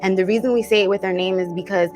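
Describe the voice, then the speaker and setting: A woman hosting a dream interpretation show, speaking gently and emotionally, slowly repeating comforting affirmations. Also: mid-range voice, fairly even intonation, soft background music. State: emotional, teary. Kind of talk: warm encouraging talk show chat.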